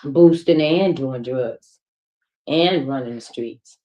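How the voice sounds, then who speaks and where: A woman's voice: very deep voice, slow, warm tone, poor audio. A woman with a Midwestern US accent, speaking as a witness in a recorded police interview, hesitant and rambling, with many "you know"s.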